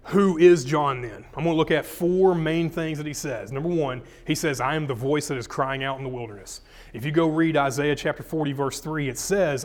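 A man's voice: on the high side, moderate pace. A man, a pastor teaching a sermon, casual and chatty with his congregation, reading scripture with rising emphasis.

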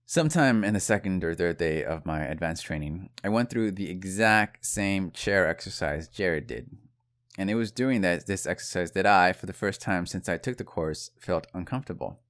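A man's voice: low voice, lively intonation, moderate pace, fairly bright tone. A man telling a personal story to viewers in a casual, conversational monologue, with asides and restarts.

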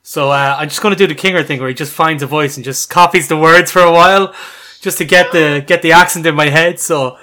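A man's voice: fairly high pitch, fairly even intonation, brisk, sharp tone. A man, joking and laughing in a casual podcast chat. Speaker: podcast co-host.

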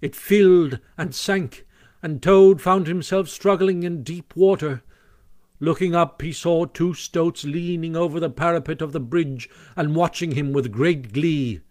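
A man reading a classic storybook aloud as narrator, expressive and animated, on a close microphone. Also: a little high, measured pace, no echo. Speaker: audiobook narrator.

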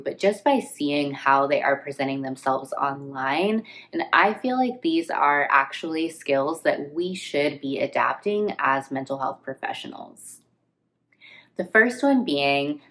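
Low nasal woman hosting a podcast. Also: low-quality recording. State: congested from illness. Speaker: podcast host. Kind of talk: casual solo podcast talk.

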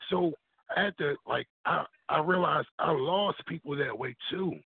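A blunt, profane man chatting as a radio guest, acting out what people said. His voice is gravelly and husky. It comes through a dry, thin phone line. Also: a little high, normal speed, no room sound. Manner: blunt, profane, acts out quotes. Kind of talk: casual radio chat.

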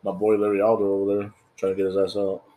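Blunt, foul-mouthed man with a lowish voice. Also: completely flat delivery, fast talker, warm tone, a little hiss or hum. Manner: blunt, heavy swearing, ranting. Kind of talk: casual chat.

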